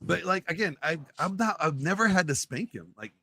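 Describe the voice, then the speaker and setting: Man, casual storyteller, animated, bright, dry close mic. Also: high-pitched, brisk, dry recording. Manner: animated storyteller, acts out quotes loudly. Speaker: podcast co-host telling a story.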